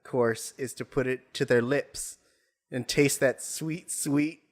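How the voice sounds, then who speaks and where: Co-hosting a casual podcast, a man from the United States wanders from topic to topic, cracks jokes and keeps dropping into silly character voices. He talks slowly in a medium-pitched, steady voice.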